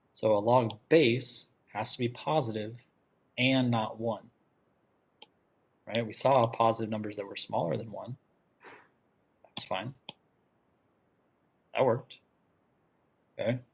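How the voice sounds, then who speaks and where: A man's voice: on the low side, fairly even intonation, slow, gravelly, pauses often, slightly rough. A man teaching a math class, explaining step by step and often stopping to ask "okay?" to check that his students follow. He asks the class questions and repeats the key ideas. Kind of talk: classroom lecture.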